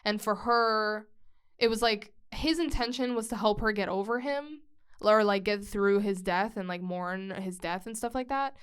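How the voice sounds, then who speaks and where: A woman's voice: mid-range voice, moderate pace, clean tone. A woman co-hosting a casual podcast chat, gushing about movies in a chatty way with many fillers. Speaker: podcast co-host.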